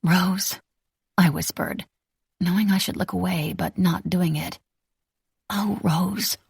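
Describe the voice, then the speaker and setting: A woman narrating a novel in the first person with a wry, measured delivery. Her voice is lowish and gravelly with a husky grain, recorded dry and close. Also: a little mellow, dry recording. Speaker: audiobook narrator.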